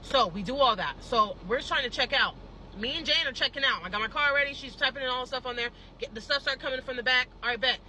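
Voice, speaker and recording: Sharp, high-voiced woman ranting angrily. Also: fast talker, a little hiss or hum, rough recording. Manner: heated, profane, blunt. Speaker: vlogger. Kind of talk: angry storytelling rant.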